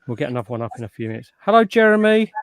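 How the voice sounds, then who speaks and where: A man, hosting a casual live chat stream in a matey, relaxed way. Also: mid-range voice, very fast, smooth, no echo. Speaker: livestream host.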